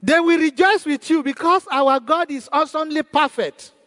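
A man's voice: extremely high pitch, normal speed, fairly bright tone. A male pastor preaching a sermon in a church hall, emphatic and repeating his key phrases. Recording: long church hall reverb.

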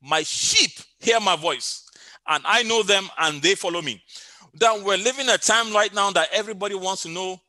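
A man's voice: high voice, normal speed, bright, forceful tone, dry recording. A middle-aged man preaching a sermon over an online call, telling a story with many fillers and repeated phrases.

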